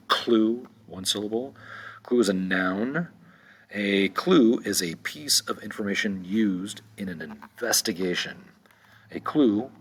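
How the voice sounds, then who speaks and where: A man teaching a vocabulary lesson in one unedited take, slow and deliberate with frequent ums and restarts. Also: low voice, fairly bright tone, breathy edge.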